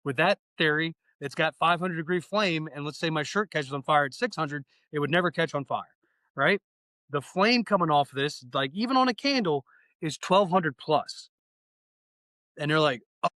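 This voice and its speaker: A thirty-something man who trains firefighters is chatting on a podcast, animated and casual, using slang and performing bits of dialogue. The voice is a little high with a sharp tone and a moderate pace. It's a low-quality, dry recording with no room sound.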